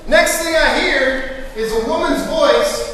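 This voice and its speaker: A man giving his testimony as an evangelist, telling his story in an animated, emphatic way. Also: very high-pitched, slow pace. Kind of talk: preached testimony. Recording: echoey hall, voice from far off.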